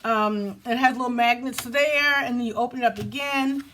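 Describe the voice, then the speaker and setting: A woman's voice: a little high, fairly even intonation, moderate pace, fairly bright tone, a little hiss or hum. A woman hosting a casual crafting tutorial, chatty and self-laughing, talking straight to her viewers. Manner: chatty, laughs at herself, talks to viewers as y'all. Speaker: crafting video host.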